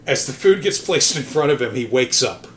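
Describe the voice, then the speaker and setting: A man's voice: medium pitch, animated, normal speed, fairly bright tone. Guy rambling through a story on his podcast, lots of ums and restarts, swears a bit, faint hiss behind. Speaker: podcast host.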